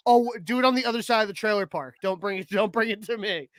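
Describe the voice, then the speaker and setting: Male podcast co-host, high voice, dry close sound, laughs a lot. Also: fast talker, no echo. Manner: giggly, animated, frequent laughter. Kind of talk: casual chat.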